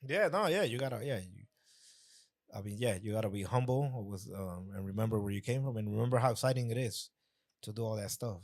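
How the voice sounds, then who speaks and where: A comedian guest, born in Mexico and raised in Chicago, chats on a casual podcast in a fairly low, expressive voice at a brisk pace. His talk is laid-back, rambling, and self-deprecating.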